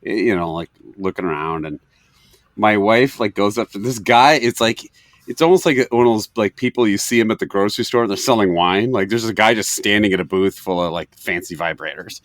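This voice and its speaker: A man's voice: fairly low pitch, a little fast, no room sound. A man co-hosting a podcast, telling a laid-back anecdote with casual swearing. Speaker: podcast co-host. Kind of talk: casual storytelling chat.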